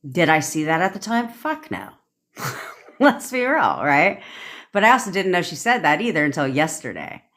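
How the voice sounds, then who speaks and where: A woman's voice: sits low, big pitch swings, normal speed, fairly bright tone. A woman manifestation coach on a livestream, ranting bluntly with swearing and acting out quoted lines. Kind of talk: livestream rant.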